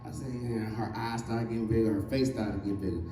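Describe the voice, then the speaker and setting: A man's voice: on the low side, fairly even intonation, quick pace, warm tone, roomy sound, far from the mic, faint music behind, poor audio. A man in his forties doing a stand-up comedy set, telling family stories and acting out his relatives' voices. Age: 40s. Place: comedy stage.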